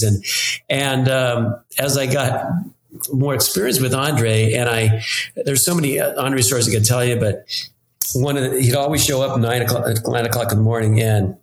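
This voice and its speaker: An older man telling long, rambling stories in a friendly, chatty way, quoting other people's words as he goes. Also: mid-range voice. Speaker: winemaker. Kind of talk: anecdotal storytelling. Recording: roomy room with faint background noise.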